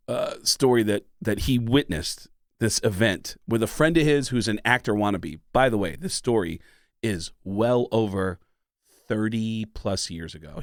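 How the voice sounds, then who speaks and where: A male comedian guest telling stories in a casual, animated way, slipping into voices as he goes. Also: on the low side, no room sound, studio quality. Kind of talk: casual storytelling.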